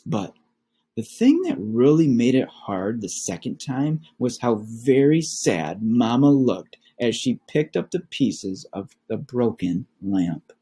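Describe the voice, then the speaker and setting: A man reading a children's book aloud, slowly and expressively. His mellow, slightly husky voice rises and falls with the story. He addresses the boys and girls listening. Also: mid-range voice, lively intonation.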